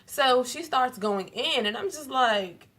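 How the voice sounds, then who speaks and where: Young woman, casual storytime vlog, lively and profane, pitched a bit high. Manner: animated, profane, quick to laugh. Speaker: vlogger.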